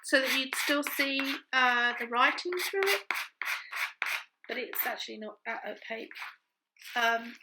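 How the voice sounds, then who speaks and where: A woman's voice: on the high side, a little slow, pauses often, very noisy. A woman in a casual crafting chat, thinking aloud as she works. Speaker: craft vlogger.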